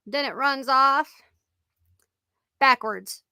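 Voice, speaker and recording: A woman's voice: high voice, slow pace, pauses often, pushed and bright, no echo, clean studio sound. A middle-aged woman hosting a casual live-stream chat, rambling and joking about her pets and laughing often as she reads comments. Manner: rambling and jokey, laughs a lot.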